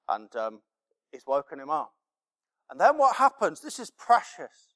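A man's voice: on the high side, wildly swooping pitch, unhurried, pauses often, a bit bright. A male preacher giving a sermon, speaking emphatically with repeated phrases and rhetorical questions. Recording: long hall reverb.

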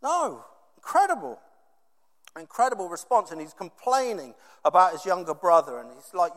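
A man preaching a sermon, emphatic and repetitive, with dramatic pauses. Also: high-pitched, very animated, fairly bright tone, big-room sound.

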